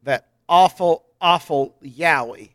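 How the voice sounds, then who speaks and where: A man co-hosting a podcast in casual comedic chat, deadpan and playful. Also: on the high side, slow, smooth, no echo, clean studio sound. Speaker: podcast co-host.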